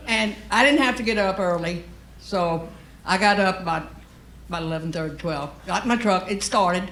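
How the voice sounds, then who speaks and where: A woman's voice: medium pitch, normal speed, fairly bright tone, slight background noise. Cajun southern woman cussing her way thru a stand-up bit, big roomy stage sound. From Louisiana. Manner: brash, profane storytelling with quoted asides. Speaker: stand-up comedian. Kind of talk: stand-up comedy set. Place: comedy stage with live audience. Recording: roomy live venue with faint ambience.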